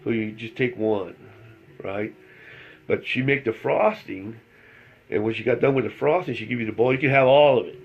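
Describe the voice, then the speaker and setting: Middle-aged El man, Spanish; casual rambling storyteller who chuckles often; average pitch; muffled lo-fi recording. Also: moderate pace, creaky, breathy edge. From El Paso, Texas. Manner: rambling, chuckles through the telling. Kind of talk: casual anecdote telling. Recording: slightly dull lo-fi recording.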